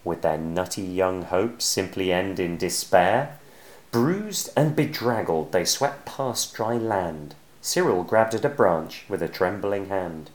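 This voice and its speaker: A man reading a rhyming picture book aloud in an expressive, sing-song manner. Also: deep voice. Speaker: storyteller.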